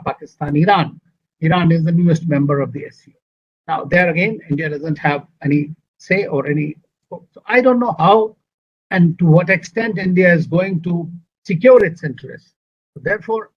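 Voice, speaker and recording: A man's voice: high voice, breathy edge. A man, a former ambassador, giving opinionated, conversational panel remarks over a video call. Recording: muffled lo-fi call audio.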